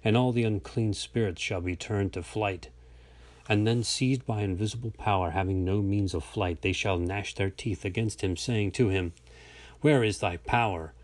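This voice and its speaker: A man reading an old religious text aloud in a slow, measured, solemn way, now and then stumbling over a word. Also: lowish voice, darkish tone, no room sound. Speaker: reader.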